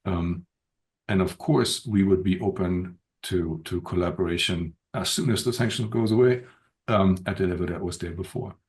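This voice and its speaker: Casting: deep-voiced man, measured podcast guest, pauses often to think. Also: darkish tone. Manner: thoughtful, measured, frequent ums and restarts. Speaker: podcast guest, open-source community director. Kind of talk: unscripted podcast conversation.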